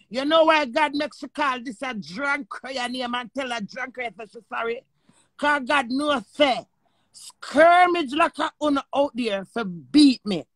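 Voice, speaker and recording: Jamaican woman, confrontational live-stream rant, heavy cursing; high-pitched, close and dry. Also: fairly bright tone, no echo.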